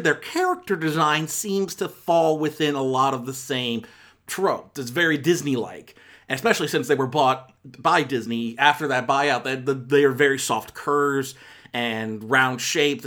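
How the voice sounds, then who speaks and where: A man's voice: fairly high pitch, a bit bright. A man giving a casual spoken film review on a podcast, rambling and self-correcting with many fillers and exasperated asides.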